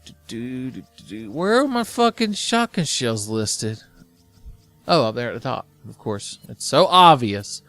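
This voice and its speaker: A man's voice: mid-range voice, very animated, measured pace, a bit bright, soft background music. A man giving casual gameplay commentary as a let's play host, rambling with sarcasm and constant swearing.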